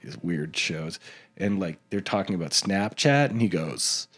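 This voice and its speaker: Rambling comedian man, lowish voice. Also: lively intonation, measured pace, fairly bright tone. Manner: rambling, restarts and self-deprecating asides. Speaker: comedian guest. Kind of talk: casual comedic chat.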